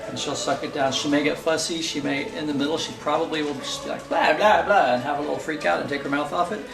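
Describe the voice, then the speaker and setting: Man, gravelly voice, casual how-to talk, lots of ums and restarts, echoey room, loud music behind. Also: on the high side, steady tone, fast talker. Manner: rambling with many fillers and restarts. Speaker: pet squirrel caretaker.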